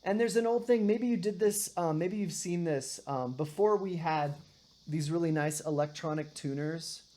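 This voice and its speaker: Low-voiced woman teaching guitar. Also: normal speed, mellow. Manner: patient, explains with many "right?" checks, sings short demonstrations. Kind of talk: one-on-one music lesson.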